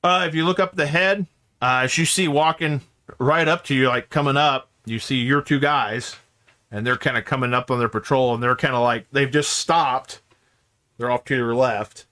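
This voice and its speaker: A man's voice: medium pitch, steady tone, pushed and bright. A man acting as game master, narrating a tabletop game in a rambling way full of fillers. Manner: rambling, filler-heavy narration with quick character voices.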